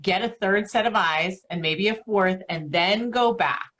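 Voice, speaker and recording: A woman's voice: medium pitch, measured pace, a bit bright. A woman co-hosting a talk show, talking casually with emphatic repetitions and plenty of fillers. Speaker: co-host.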